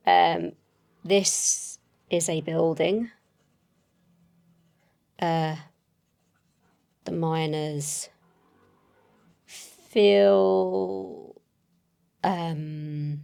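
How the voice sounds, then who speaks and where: A woman's voice: low voice, fairly even intonation, drawn-out words, gravelly, long pauses, a little mellow. A woman playing a solo tabletop game, thinking aloud as she writes, hesitant and full of self-corrections.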